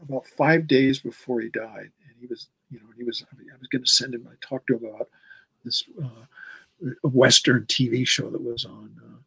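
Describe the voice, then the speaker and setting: A man's voice: medium pitch, fairly even intonation, moderate pace, gravelly, fairly bright tone, husky, no room sound, rough recording. A man in his sixties, a guest in a casual interview, telling long stories in a rambling way and repeating words as he goes. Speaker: comic artist guest.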